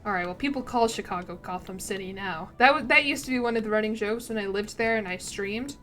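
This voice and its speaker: A woman's voice: mid-range voice, fast, a bit bright, faint music behind. A woman game streamer chatting casually and rambling a little, reading chat and poking fun at herself as she plays. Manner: chatty, rambling, self-deprecating, reads out chat.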